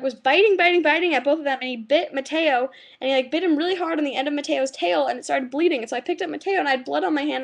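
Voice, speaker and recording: A young woman vlogging, retelling her dreams in a chatty, animated way, full of "like" fillers. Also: fairly high pitch. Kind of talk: casual vlog storytelling.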